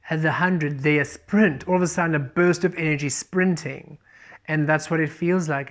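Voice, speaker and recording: An earnest tarot reader with a mid-range voice talks through a spiritual reading. They circle back to the same points again and again. They often pass on guidance as quoted messages from spirit. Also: medium pitch.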